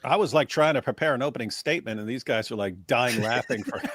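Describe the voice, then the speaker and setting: Lively, animated man telling stories. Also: mid-range voice, a little hiss or hum. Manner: animated storytelling, quick asides. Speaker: livestream co-host. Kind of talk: casual chat.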